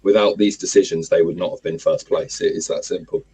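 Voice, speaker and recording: A man in his twenties with a raspy morning smoker's voice, arguing animatedly in a casual livestream chat. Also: sits low, fairly quick, a little hiss or hum, poor audio. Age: 20s. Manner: animated, argues with repeated phrases.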